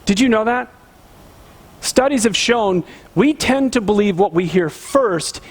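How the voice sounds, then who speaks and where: A middle-aged man, a pastor, preaching a sermon and telling a personal story in an animated, earnest way. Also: sits high.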